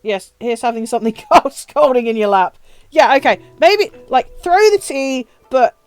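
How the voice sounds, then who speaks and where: A woman's voice: a little high, lively intonation, moderate pace, darkish tone, smooth, no room sound. A woman live-streaming a game, chatting casually with her viewers, swearing freely and laughing often. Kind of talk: casual live-stream chat while playing.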